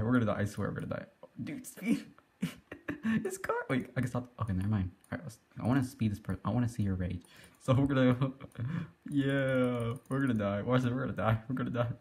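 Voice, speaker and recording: Giggly, husky young gamer guy. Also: mid-range voice, a little fast. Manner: excitable, giggly, teasing other players. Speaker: gaming YouTuber. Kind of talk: casual Let's Play commentary.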